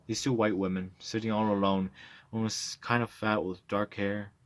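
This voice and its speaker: A man's voice: fairly low pitch, level tone, normal speed, no echo, close to an everyday voice. A man reading a novel aloud, voicing a boastful, coarse drunk male war veteran telling his stories. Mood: bragging. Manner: bragging, coarse, swaggering storyteller.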